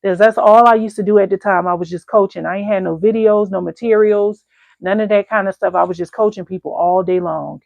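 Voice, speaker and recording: A woman candle-making coach telling stories to her viewers in an animated, colloquial, chatty way. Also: mid-range voice, fairly quick, gravelly, no echo. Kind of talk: casual storytelling to viewers.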